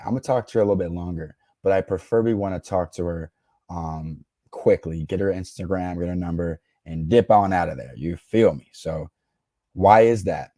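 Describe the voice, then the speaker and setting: A man with a low, mellow, dark-toned voice gives dating advice in a cocky, slang-heavy way. He talks straight to his audience in a dry, close, dead-sounding room. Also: no echo. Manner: cocky, slangy, laughs at his own jokes. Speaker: dating coach reacting to a clip. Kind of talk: reaction commentary to camera.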